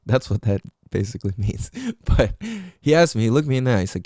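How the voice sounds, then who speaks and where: Speaking a little fast in a lowish voice, a young man hosting a podcast shares a personal story with lively, casual energy. He leans on street slang, profanity and fillers like "like" and "you know," recorded in studio quality without room sound.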